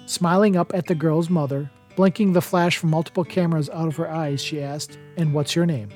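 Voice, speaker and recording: A man reading a chapter of a holiday novel aloud as a podcast narrator, in a steady, even storytelling manner. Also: on the high side, a little fast, faint music behind. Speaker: podcast reader. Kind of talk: audiobook narration.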